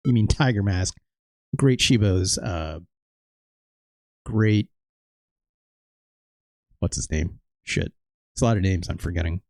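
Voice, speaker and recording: A man's voice: low voice, slow pace, gravelly, long pauses, no echo, soft background music. A man hosting a let's play, rambling and self-deprecating in casual commentary, trailing off with plenty of fillers.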